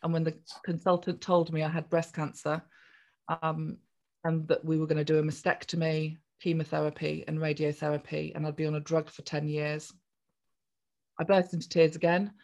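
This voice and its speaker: A woman, a podcast guest chatting through a personal story in a jolly, animated way. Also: low voice, moderate pace. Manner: chatty, jolly, acts out voices in quoted speech.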